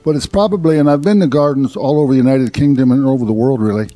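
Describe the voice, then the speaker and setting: Folksy radio gardening host. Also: male voice, medium pitch, quick pace, dark tone. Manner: folksy, jokey, self-deprecating. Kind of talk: radio interview and presenting. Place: outdoor castle gardens.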